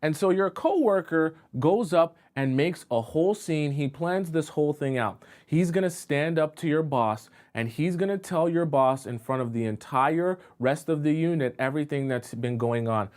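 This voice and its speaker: A man's voice: on the high side, moderate pace, few pauses, a little mellow. Man coaching a live audience. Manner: interactive, checks in with viewers often. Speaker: dating advice coach. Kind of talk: live-streamed advice talk.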